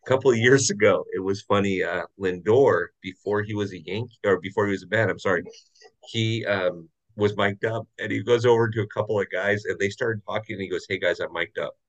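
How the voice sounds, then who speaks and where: A man's voice: lowish voice, fairly even intonation, fairly quick, dull audio. A man hosting a casual podcast, friendly and joking, often laughing as he talks. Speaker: podcast host.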